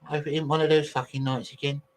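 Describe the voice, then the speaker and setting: A man's voice: fairly high pitch, level tone, fast, a little hiss or hum. Rambling man hosting a livestream. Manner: rambling, chatty, swears freely; talks to viewers while fiddling with videos. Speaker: livestream host. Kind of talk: casual livestream chat.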